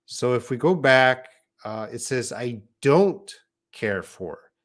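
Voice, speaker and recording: A man's voice: medium pitch, lively intonation, slow, fairly bright tone. A man teaching an English lesson on a live stream, reading out viewer comments and explaining patiently.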